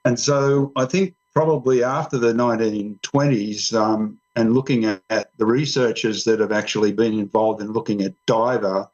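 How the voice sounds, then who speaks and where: A man's voice: lowish voice, fairly even intonation, moderate pace, hardly any pauses, a little mellow. A man, a guest writer explaining his ideas on a podcast panel with frequent ums. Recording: slightly muffled lo-fi sound.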